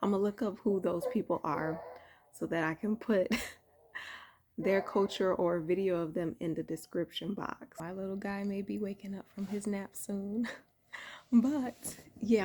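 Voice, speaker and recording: A woman casually telling a personal spiritual story indoors, keeping her voice low and soft so she doesn't wake her sleeping son. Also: breathy edge. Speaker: vlogger sharing a spiritual testimony. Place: indoor room at home.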